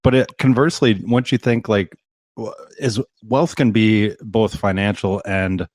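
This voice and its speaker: Low-voiced male host, halting, dry sound. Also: steady tone, darkish tone, no echo. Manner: halting, searching for words. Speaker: podcast host. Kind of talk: casual interview chat.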